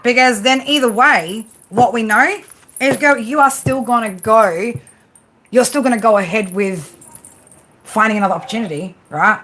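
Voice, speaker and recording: A woman's voice: a little high, normal speed, a bit bright, a little hiss or hum. A woman giving a live tarot reading. She is blunt and swears freely. She coaches emphatically and keeps asking "right?". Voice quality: blunt and profane, peppers talk with "right?". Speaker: tarot reader.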